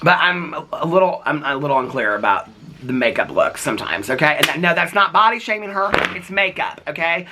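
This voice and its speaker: A man's voice: fairly high pitch, expressive, a little fast, heavy background noise. A man giving casual, gossipy commentary on reality TV, chatty and sassy, who keeps checking in with "okay?".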